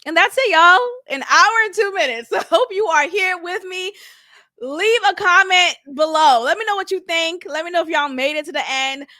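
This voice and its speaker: A woman's voice: very high-pitched, normal speed, bright, forceful tone, no echo, studio quality. A young woman giving a sassy, blunt casual recap of a reality show as a channel host, with laughing asides. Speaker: reality TV reviewer.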